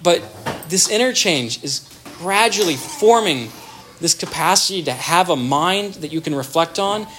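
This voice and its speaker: A man's voice: a little high, lively intonation, measured pace, a bit bright, slight background noise. A man giving an explanatory talk on child development, thoughtful, with restarts and everyday examples.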